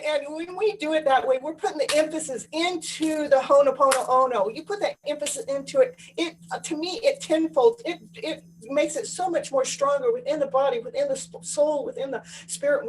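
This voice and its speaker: A woman's voice: high voice, fairly quick, hardly any pauses, a little hiss or hum, poor audio. A woman hosting a casual spiritual chat, talking enthusiastically and affirming the listener. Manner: enthusiastic, affirming, laughs often. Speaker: host.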